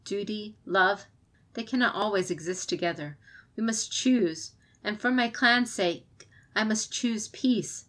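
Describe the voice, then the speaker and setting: A woman voicing a stern, weary but resolute female clan champion, speaking in a measured, firm way in an audiobook. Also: medium pitch, a bit bright, lightly acted.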